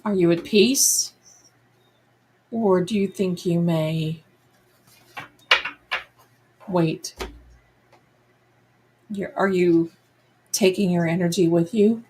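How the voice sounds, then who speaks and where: Woman tarot host, unhurried and musing, addresses viewers and pets as she goes. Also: lowish voice, dark tone, slight background noise, low-quality recording. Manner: slow, musing, talks to viewers and her cats. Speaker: psychic medium livestream host. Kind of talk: live tarot reading chat.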